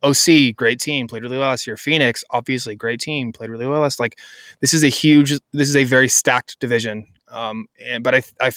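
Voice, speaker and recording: A man's voice: mid-range voice, steady tone, fairly quick, a bit bright, dry recording. A man co-hosting a casual podcast, talking enthusiastically and rambling with restarts. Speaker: podcast co-host. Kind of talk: casual chat.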